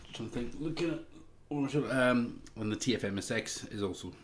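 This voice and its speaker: A man's voice: medium pitch, brisk, a little hiss or hum. A man from the Isle of Lewis with a Scottish accent, hosting a casual livestream and answering viewer questions in a rambling, hesitant way full of fillers. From Isle of Lewis, Scotland. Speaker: livestream host, hobbyist hardware maker.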